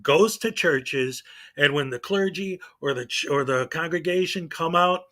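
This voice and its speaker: A man's voice: on the high side, unhurried, bright, forceful tone. A man giving casual, exasperated commentary to his channel, sarcastic and sighing. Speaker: online video commentator.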